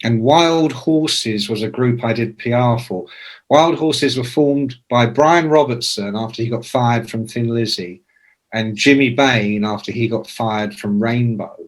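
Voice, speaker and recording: Older man telling lively stories. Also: medium pitch, measured pace. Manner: animated anecdotes with shouted imitations; swears casually. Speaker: interview guest, music journalist. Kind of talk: casual storytelling.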